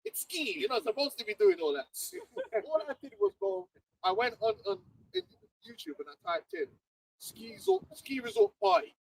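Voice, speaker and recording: A man, preaching in casual livestream chat, animated and laughing, often repeating words. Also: extremely high pitch, normal speed, gravelly, husky, dry recording, low-quality recording.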